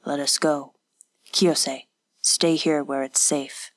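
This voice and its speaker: A woman's voice: sits low, flat delivery, slow pace, dry recording, voice pushed down. A woman voicing a stern male constable who gives curt, commanding orders in an audiobook.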